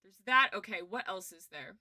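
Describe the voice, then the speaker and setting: A woman's voice: medium pitch, expressive, normal speed, pushed and bright. A young woman streaming, chatting casually and rambling with frequent giggles and restarts. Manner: giggly, rambling, self-interrupting. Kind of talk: casual livestream chat.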